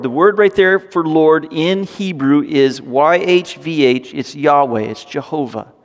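A man delivers a sermon with a fairly high-pitched voice. He moves between scripture reading and animated, jokey asides. His voice rings through a church hall with a long echo. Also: unhurried. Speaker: pastor.

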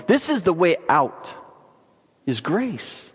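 A man preaching a sermon, emphatic and energetic, with sudden bursts of excitement. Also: on the high side, a little slow. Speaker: pastor. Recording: long reverb of a large hall.

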